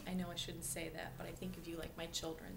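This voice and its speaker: A woman's voice: on the low side, flat delivery, fast talker, vocal fry. Encouraging woman therapist, echoey noisy room. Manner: soothing, encouraging facilitator. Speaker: group therapist. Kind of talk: improvised comedy sketch.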